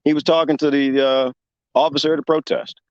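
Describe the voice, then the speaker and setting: Slightly high and fairly quick, this man's voice is smooth, with no echo but a lo-fi sound. Hosting a talk show, he delivers casual, impassioned, rambling commentary to make his point, livening it up with imitated quotes.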